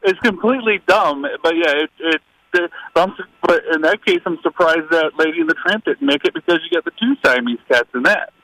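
A man's voice: a little high, animated, fairly quick, pushed and bright, dry recording, low-quality recording. A man calling in to a radio show, stumbling and repeating words as he talks. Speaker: caller. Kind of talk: phone-in comment.

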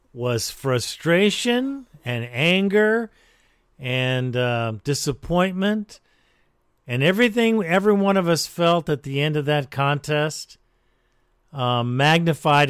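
A man hosting a sports call-in radio show, giving blunt, measured commentary. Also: on the high side, clean tone, no echo, studio quality.

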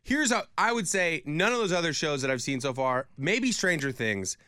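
Animated, bright-voiced male radio co-host. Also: a little high, normal speed, clean tone, dry recording, clean studio sound. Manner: animated, jokey, acts out voices in his stories. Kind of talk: casual chat.

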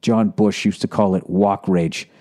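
A middle-aged man, a comedian, telling a story in a casual monologue, swearing constantly and mocking himself with animated rants. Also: low voice, a little slow. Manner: profane, self-deprecating, animated ranting. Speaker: comedian podcast host.

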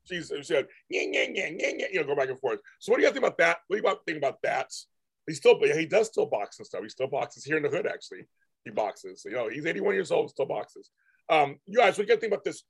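A man's voice: a little high, big pitch swings, fast, gravelly, breathy edge. A man hosting a casual chat show, talking animatedly and acting out characters' lines. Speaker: podcast host. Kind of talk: casual chat about a soap opera.

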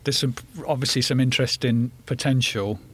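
A man's voice: mid-range voice, fairly even intonation, brisk, breathy edge. A man speaking as a guest in a casual podcast discussion, hesitant and full of restarts. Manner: hesitant, many fillers and restarts.

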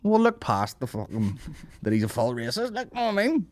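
Northern Irish man, comedy podcast host, lively up-and-down pitch, sweary banter. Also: fairly quick, dry recording. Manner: swearing, laughing, mimicking voices.

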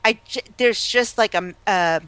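A woman chatting casually as a podcast co-host, animated and gossipy, acting out the people she quotes. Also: mid-range voice, a little slow, clear, resonant tone, dry recording. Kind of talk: casual chat.

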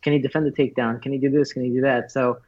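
A man in a casual interview, telling fight stories in an animated way and packing his speech with fillers. His voice sits in a middle pitch, and the audio is dull and lo-fi. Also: very fast. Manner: animated storyteller, many fillers like "like". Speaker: fighter guest.

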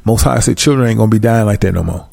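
Reading scripture on a livestream, this teacher preaches in a relaxed way, lingering slowly over verses and then tossing off fast asides. He has a deep, gravelly, husky, mellow voice with a rough edge and keeps asking if his audience is with him. The sound is clean studio audio with no echo.

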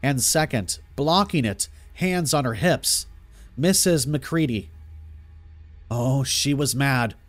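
A man's voice: mid-range voice, expressive, slow pace. Man narrating a horror story. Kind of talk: scripted narration. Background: faint music.

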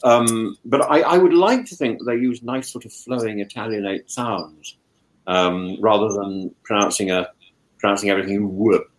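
A man chatting as a guest, talking with many stammering restarts and animated opinions. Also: on the low side, moderate pace, a little hiss or hum. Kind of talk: casual discussion.

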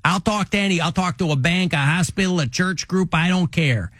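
A man's voice: high voice, a little fast, fairly bright tone, no room sound, studio quality. A man putting on a blunt, preachy older Chicago cop giving street-safety lectures with a Chicago accent.

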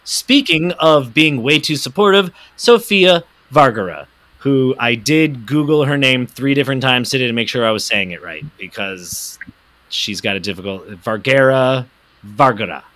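A man's voice: mid-range voice, animated, moderate pace, a bit bright. A man co-hosting a casual podcast, ranting animatedly about a movie with lots of swearing. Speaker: podcast co-host. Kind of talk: casual comedic chat.

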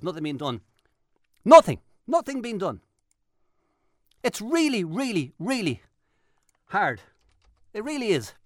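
A man's voice: sits high, dry recording, clean studio sound. An Irish man hosting a radio show, delivering an impassioned, emphatic monologue and hammering his points home by repeating them. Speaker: radio host. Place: radio studio. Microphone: studio microphone.

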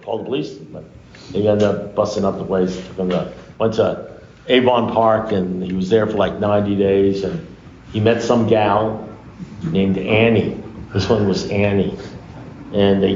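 A low, gravelly man spins a rambling story to a room full of listeners and acts out every line of dialogue. The sound is muffled and lo-fi, with the echo of a meeting hall around him. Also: a little slow, slight background noise. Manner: animated storyteller acting out dialogue, swears freely. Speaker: recovery meeting speaker. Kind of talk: storytelling talk to an audience. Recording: echoey room, dull lo-fi sound.

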